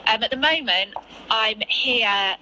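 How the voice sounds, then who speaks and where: A woman's voice: on the high side, slow, bright, forceful tone, slight background noise, low-quality recording. A woman in her thirties, a weather presenter, chatting casually on a video call from outdoors, laughing easily and restarting phrases as she goes. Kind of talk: casual live video chat. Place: outdoors outside a broadcasting building.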